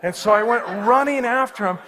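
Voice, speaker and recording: A man's voice: very high voice, a little fast, a little hiss or hum. A man in his forties, a pastor telling a personal story in a sermon and acting out the voices in it. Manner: animated, acts out every voice in his story.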